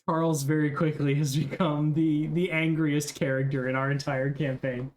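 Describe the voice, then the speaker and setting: A man's voice: fairly high pitch, level tone, normal speed. A young man narrating as game master, casual and rambling, with many fillers.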